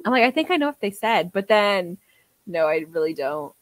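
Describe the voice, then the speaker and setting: A woman's voice: mid-range voice, sing-song, moderate pace, dry recording. A young woman co-hosting a podcast, chatting casually in a giggly, self-mocking way. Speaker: podcast co-host. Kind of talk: casual chat.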